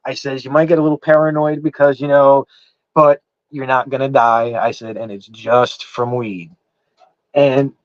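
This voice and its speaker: A mid-range male voice with an East Coast accent carries a long, rambling story told in casual chat. Heavy swearing and frequent "I said" restarts fill his telling. No room sound is audible, but the lo-fi audio is dull and muffled.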